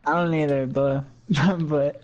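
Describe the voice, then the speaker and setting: A man's voice: a little high, steady tone, takes it slowly, over a noisy crowd. Goofy man on a dull lo-fi mic. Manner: easy-going, goofy, giggly. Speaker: podcast co-host. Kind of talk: casual gaming chat.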